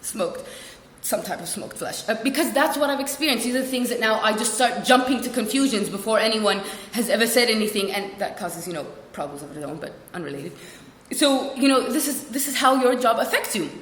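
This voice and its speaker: A young woman rambling through a funny work story, self-mocking and jumping into squeaky voices for quotes. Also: expressive, a little fast, fairly bright tone. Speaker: vlogger. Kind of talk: casual storytelling vlog. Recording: echoey room with long reverb.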